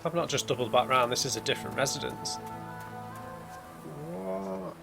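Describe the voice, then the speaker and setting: A man's voice: medium pitch, expressive, moderate pace, vocal fry. A man thinking aloud as he plays a story game blind, musing over clues and muttering asides to himself. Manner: musing aloud, thinking things through as he explores. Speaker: let's play gamer. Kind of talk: blind let's play commentary. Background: eerie game music and hymns.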